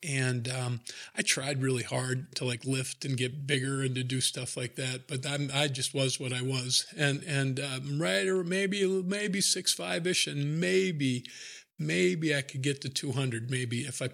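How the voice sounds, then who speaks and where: A man's voice: mid-range voice, fairly even intonation, unhurried, gravelly, a bit bright. An older man, a former coach, telling stories casually, acting out the people he quotes and laughing often. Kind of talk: casual storytelling.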